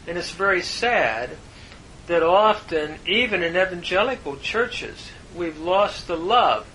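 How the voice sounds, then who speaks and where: A man teaching a Bible lesson on Hebrew grammar, explaining each word slowly and earnestly. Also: on the high side, bright, forceful tone, slight background noise, low-quality recording. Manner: slow, deliberate explanation with earnest emphasis.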